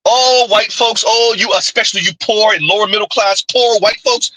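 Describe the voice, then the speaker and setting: A man's voice: sits high, moderate pace, sharp tone, no echo, poor audio. A man, hosting a sarcastic, heated commentary rant. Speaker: commentary channel host.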